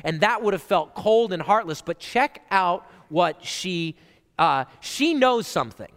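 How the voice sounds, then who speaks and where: A male pastor preaching a conversational sermon in a church, animated and chatty, full of "like" and "right?" asides. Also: high voice, unhurried. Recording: reverberant church hall.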